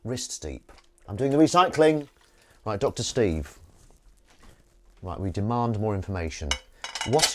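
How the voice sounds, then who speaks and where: This deep-voiced man streams casually from his home kitchen, joking and chatting with viewers as he does the washing up. His talk is rambling and full of jokey asides, set against clinking dishes, cutlery and water noise.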